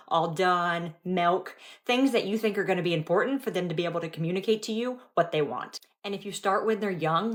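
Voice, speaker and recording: A woman's voice: fairly low pitch, fairly bright tone. A young woman and mother giving casual parenting tips in an upbeat, instructive way.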